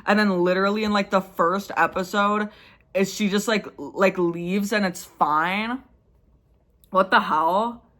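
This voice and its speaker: A young woman rants straight to her camera in a loose, exasperated ramble. She strings thoughts together with constant "like" fillers and casual swearing. Her voice sits at an ordinary middle pitch. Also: steady tone, moderate pace, fairly bright tone. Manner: exasperated, heavy use of "like", swearing. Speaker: YouTuber. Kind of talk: casual rant.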